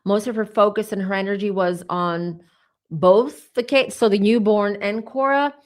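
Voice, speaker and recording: A woman giving a psychic reading, talking straight to her viewers in a loose, conversational way. She keeps pausing to say she feels emotional, then goes back to what she is receiving. Her speech is full of fillers and side remarks. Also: mid-range voice. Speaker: tarot reader.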